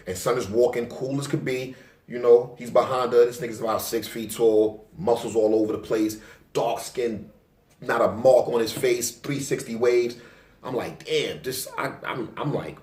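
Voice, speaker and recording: Speaking at a moderate pace in a mid-range voice, a young Staten Island vlogger casually recounts something that happened to him, using loose, profane street slang. When he replays what he said back then, he gets louder; the audio is roomy and he's far from the microphone.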